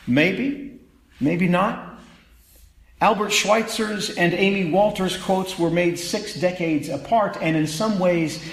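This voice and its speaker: A man's voice: sits high, echoey room, poor audio. A man preaching a sermon in a conversational, wry way that builds to emphatic peaks. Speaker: pastor.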